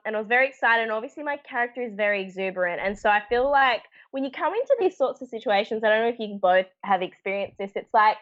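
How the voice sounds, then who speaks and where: A young woman, telling a story in casual chat, acting out voices and laughing often. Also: mid-range voice. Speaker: actor guest. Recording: muffled lo-fi sound.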